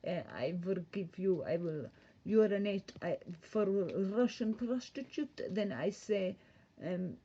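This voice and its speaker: A woman's voice: medium pitch, animated, slow pace, dark tone, slightly rough, highs cut off, full character voice. Woman putting on a sultry Eastern European vamp.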